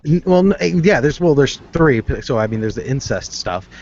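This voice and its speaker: A man chatting casually, halting and restarting often. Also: medium pitch, expressive, darkish tone, lo-fi sound, a little hiss or hum. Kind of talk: casual chat.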